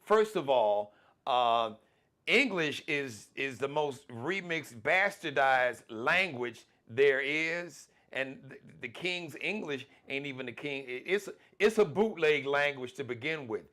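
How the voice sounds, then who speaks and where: A man's voice: medium pitch, lively intonation, slow, bright, forceful tone. A man from the United States hosting a live talk show, speaking emphatically and often repeating words as he starts a point. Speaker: host.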